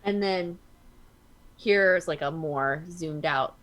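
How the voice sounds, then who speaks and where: A woman streaming a card game, chatting casually and telling stories in an animated way. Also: low voice, slow, heavy background noise. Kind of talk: casual chat while gaming.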